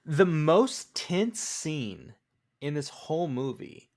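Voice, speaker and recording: A man co-hosting a podcast, chatting casually about a film with quick back-and-forth reactions. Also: on the high side, big pitch swings, darkish tone. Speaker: podcast co-host.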